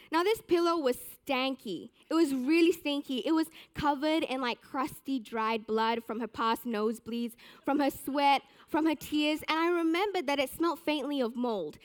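A young woman giving a sermon, telling a personal story with animated, self-mocking humor. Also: high-pitched. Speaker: church speaker.

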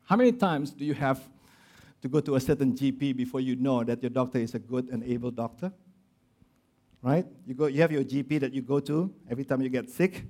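A man preaching a sermon, building to loud emphatic lines and then dropping low and quiet to stress a point. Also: a little fast. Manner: acts out quoted voices of grumblers and of Jesus. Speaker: pastor.

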